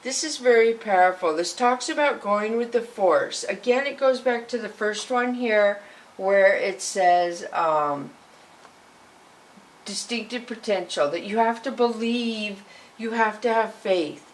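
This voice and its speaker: A woman's voice: mid-range voice, measured pace, low-quality recording. A woman giving a casual tarot card reading, talking earnestly to her viewers and reading card texts aloud. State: emotional, fighting tears at times. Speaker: tarot reader.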